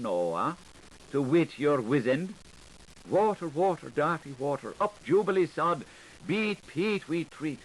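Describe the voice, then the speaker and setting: A man's voice: medium pitch, a bit bright, slight background noise, rough recording. A man reading an unabridged literary audiobook in a theatrical way, switching between the voices of questioners and the one who answers. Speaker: audiobook reader.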